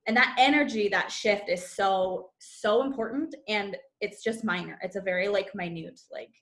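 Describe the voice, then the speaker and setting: Over a video call, a woman leading a live online masterclass in manifestation and human design chats in a bubbly way, voicing what people tell themselves. She speaks at a moderate pace with a medium pitch and a fairly bright tone, and the audio sounds roomy and echoey.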